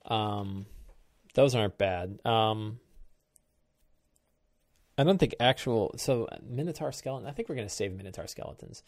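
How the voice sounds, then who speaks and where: A man with a lowish voice hosts a game-prep show, planning a tabletop session by thinking aloud and musing in halting stops and restarts.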